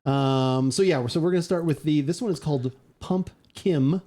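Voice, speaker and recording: A man's voice: on the high side, moderate pace, dark tone. A man co-hosting a live podcast, chatting casually and animatedly as he tastes beers. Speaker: podcast co-host. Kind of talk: casual chat, beer tasting.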